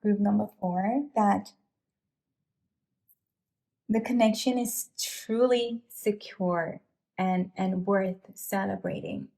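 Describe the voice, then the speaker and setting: A woman giving an emotional pick-a-card tarot reading, sighing and halting with many restarts as she speaks to her viewers. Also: mid-range voice, steady tone, vocal fry, warm tone. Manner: speaks directly to viewers, calling them you guys. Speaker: tarot reader.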